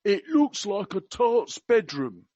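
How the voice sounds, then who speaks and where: A man putting on a blunt, tactless elderly gentleman with an attempted Cockney accent, his pitch pushed up for the quips. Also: big pitch swings, slow pace, dry recording, lo-fi sound, exaggerated voice. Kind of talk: comic impression in a podcast reading.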